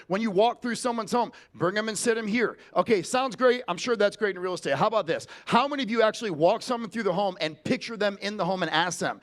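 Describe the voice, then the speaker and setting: A man's voice: high-pitched, quick pace, hardly any pauses. Brash, swearing male sales speaker. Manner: brash, profane, emphatic. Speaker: sales trainer and keynote speaker. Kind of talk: motivational keynote speech. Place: conference stage before an audience.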